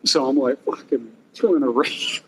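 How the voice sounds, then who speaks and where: A middle-aged Australian man hosting a casual interview, relaxed and laughing often, swearing freely. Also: medium pitch, a little slow, a little hiss or hum, poor audio. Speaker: podcast host.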